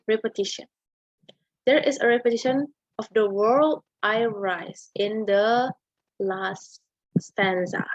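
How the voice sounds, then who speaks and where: A young woman with an Indonesian accent, a student, presents a poem to her class, hesitating and leaning on fillers and tag questions. Her medium-pitched voice comes through a dry, dull, lo-fi home recording.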